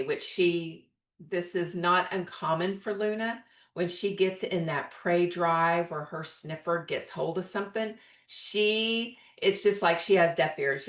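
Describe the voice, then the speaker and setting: A woman hosts a solo podcast, telling a story in a heartfelt way and often turning to speak straight to her listeners. Her voice sits on the low side, and the recording has a noticeable roomy echo. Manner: warm storytelling, addresses listeners directly. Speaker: podcast host.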